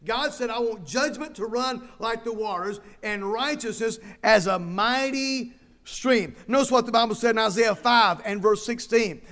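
Male pastor with a high-pitched voice, preaching with emphatic repetition and reading scripture aloud. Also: moderate pace, fairly bright tone. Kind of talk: sermon.

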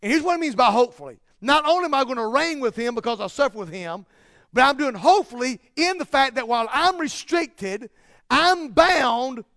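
A man preaching a sermon, building to loud, emphatic peaks and dropping to quiet, slow asides. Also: very high-pitched, expressive, no echo, clean studio sound.

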